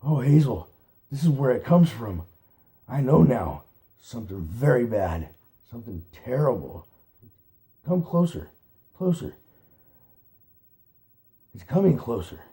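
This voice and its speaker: A man's voice: on the low side, lively intonation, normal speed, mellow. A man reading aloud and voicing a timid young male rabbit who trembles and pleads in fear. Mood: terrified.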